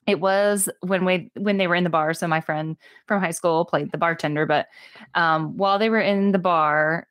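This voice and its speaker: A woman co-hosting a casual movie podcast, chatty and quick to laugh. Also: lowish voice, steady tone, fairly bright tone, clean tone, dry recording, clean studio sound. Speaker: podcast co-host.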